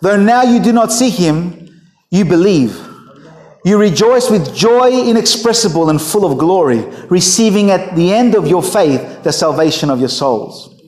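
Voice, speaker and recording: A man's voice: high voice, lively intonation, measured pace, darkish tone. A man preaching a sermon as pastor, emphatic and full of rhetorical questions to the congregation. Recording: echoey hall.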